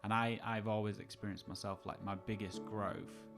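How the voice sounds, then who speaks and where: A man's voice: fairly low pitch, steady tone, moderate pace, creaky, over music. A man hosting an interview, musing in a thoughtful, conversational way with lots of "like". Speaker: interview host.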